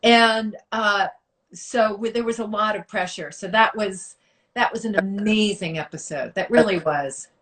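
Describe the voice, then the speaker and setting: A middle-aged woman hosting a casual chat over a video call, upbeat and quick to laugh. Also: mid-range voice, a bit bright. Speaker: host. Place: at home.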